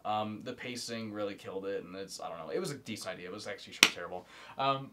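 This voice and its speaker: A young man chatting casually about movies in a rambling, profane way, getting loud and animated when he rants. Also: on the low side, fast talker.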